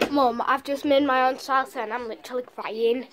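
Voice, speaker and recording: A vlogger with a cold and a high, steady voice talks at normal speed in a casual home cooking vlog, with background noise. Teary from chopping onions, she exclaims dramatically and mocks herself.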